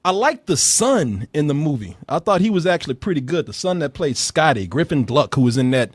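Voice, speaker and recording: A man hosting a casual movie review chat, ranting in a profane, animated way. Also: on the high side, fairly quick, husky, no echo. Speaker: movie review show host.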